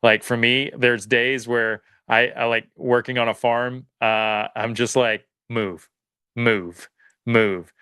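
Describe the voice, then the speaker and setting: A man's voice: mid-range voice, little pitch movement, measured pace, hardly any pauses, sharp tone, smooth, no echo. A man who farms, a podcast guest, speaking in an earnest, motivational way and thinking aloud with many restarts. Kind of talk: casual interview talk.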